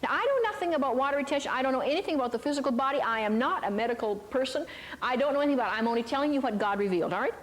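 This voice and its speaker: A woman's voice: high-pitched, lively intonation, racing, big-room sound. An older woman teaching a Christian ministry talk, telling stories in a chatty, folksy way with many asides and questions to her listeners. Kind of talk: sermon with storytelling. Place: hall before a live audience.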